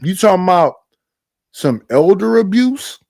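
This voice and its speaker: A man's voice: high-pitched, unhurried, creaky, no echo, studio quality. A middle-aged man hosting a casual live-stream chat, telling stories emphatically with lots of repetition. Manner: emphatic, animated storytelling with frequent repetitions. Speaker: stream host.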